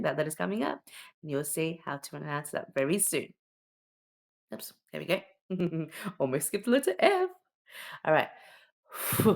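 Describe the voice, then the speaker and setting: A woman with a lowish, creaky voice gives children a slow alphabet lesson. She patiently sounds out each letter and often checks in with "okay?".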